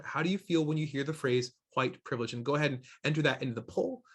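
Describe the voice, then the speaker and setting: A man's voice: medium pitch, fast talker, slightly rough. A man from Seattle leading an online diversity workshop, emphatic and full of questions for his audience, talking into a computer mic. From Seattle, USA. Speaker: diversity trainer.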